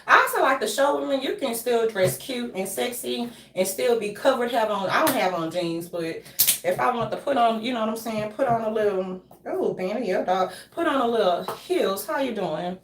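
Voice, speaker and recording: A woman's voice: fairly high pitch, animated, normal speed, slight background noise. Woman, casual rambling monologue, jokey and profane, echoey room, distant mic. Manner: loose, jokey, swears freely, breaks into bits and voices. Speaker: vlogger.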